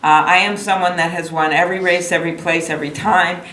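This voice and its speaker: A woman's voice: fairly low pitch, steady tone, fast, fairly bright tone, a little hiss or hum. A middle-aged woman from Minnesota giving a campaign stump speech, telling stories in a conversational, folksy way. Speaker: political candidate. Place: rally in a room with a crowd. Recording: echoey room, faint ambience.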